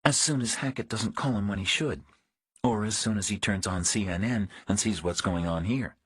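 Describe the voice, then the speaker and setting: A man's voice: on the low side, normal speed, a bit bright, breathy edge, no echo, studio quality, voice pushed up. A male audiobook narrator voicing a practical woman investigator, speaking in short, questioning lines. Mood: terse. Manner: curt, questioning. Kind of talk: audiobook character voice.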